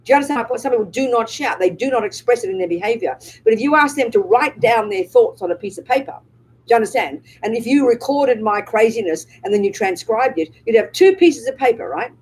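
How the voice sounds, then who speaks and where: A Buddhist nun speaks to a live audience in a slightly high, breathy-husky voice. She drives each point home with emphasis and keeps pulling listeners in with tag questions. Her delivery is direct and practical, the way a teacher talks in a hall. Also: animated, fast, a little mellow. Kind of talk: live dharma talk with audience Q&A.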